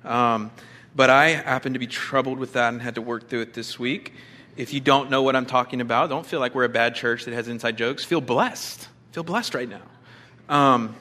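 Bright-voiced man preaching a sermon. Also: medium pitch, fairly even intonation, normal speed. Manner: conversational, with humor and fillers. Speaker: pastor.

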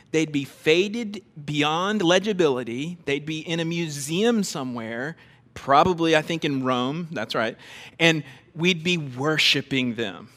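A man's voice: fairly high pitch, a bit bright, in a large hall. A man preaching a sermon to a congregation, emphatic and quizzing his listeners with questions. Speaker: pastor. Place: church before a congregation.

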